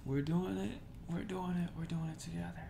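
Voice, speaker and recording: Gravelly man in a whispered role-play. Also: a little high, fairly even intonation, fairly quick, a little hiss or hum. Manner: soft and affectionate, often breaking into laughs and sighs. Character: adoring boyfriend, emotional and overjoyed. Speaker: ASMR creator.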